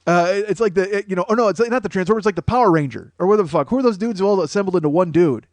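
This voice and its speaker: A man hosts a comedy podcast in a high register, riffing in a profane, rambling way that keeps cutting itself off. The sound is dry and close, with no room around it. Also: rapid-fire, a little mellow, dry recording. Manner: profane, rambling, self-interrupting. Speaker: podcast host.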